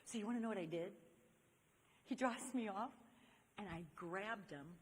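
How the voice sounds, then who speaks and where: At a church youth convention in a large hall with long reverb, an older woman recounts her personal testimony with animation, acting out the people in it. Her husky voice is medium in pitch and normal in speed.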